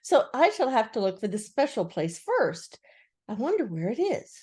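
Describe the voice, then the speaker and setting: A woman voicing a slow-thinking male bear who muses and thinks aloud, in a storybook reading. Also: a little high, big pitch swings, dark tone, breathy edge. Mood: musing.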